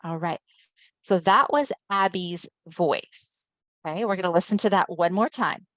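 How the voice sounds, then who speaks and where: A woman's voice: lowish voice, a little slow, fairly bright tone, no echo. Chatty woman presenting a webinar. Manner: conversational, often checks in with listeners. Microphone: video call mic.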